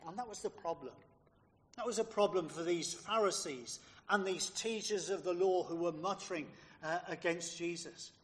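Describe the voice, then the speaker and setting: A man's voice: sits high, moderate pace, in a large hall. A man preaching a sermon, emphatic and fond of rhetorical questions put to his listeners.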